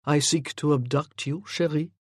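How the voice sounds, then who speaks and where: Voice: medium pitch, fairly even intonation, moderate pace, husky, no room sound, clean studio sound, lightly acted. A reader voicing a teasing, worldly French nobleman in a historical romance audiobook, with a suave, mocking delivery. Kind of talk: audiobook character reading.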